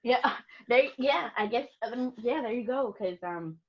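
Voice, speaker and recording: On a muffled recording, a woman with a fairly high voice speaks a little slowly as a podcast guest. She's a photographer who tells her stories emphatically and laughs often in a relaxed interview chat.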